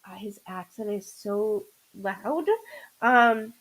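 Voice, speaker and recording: A woman hosting a live-streamed psychic reading. She speaks haltingly, often saying "hold on," breaking off and restarting as she relays impressions. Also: mid-range voice, fairly even intonation, fairly bright tone, rough recording. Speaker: psychic medium host.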